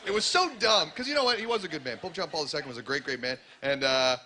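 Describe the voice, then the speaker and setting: Sardonic Canadian stand-up comedian. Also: male voice, on the high side, expressive, fast talker. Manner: sardonic, conversational storytelling. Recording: loud background noise.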